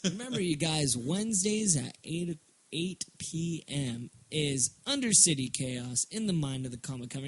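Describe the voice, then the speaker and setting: A man's voice: on the high side, lively intonation, normal speed, breathy edge. Joking young man hosting a podcast. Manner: joking, crude, talks over his co-host. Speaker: podcast co-host. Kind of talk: casual comedic chat.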